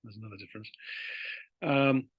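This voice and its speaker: A man explaining spelling and vocabulary differences in a chatty, rambling lesson, slowing down to spell words out. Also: fairly low pitch, husky, dry recording. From Britain. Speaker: English teacher. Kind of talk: casual classroom explanation.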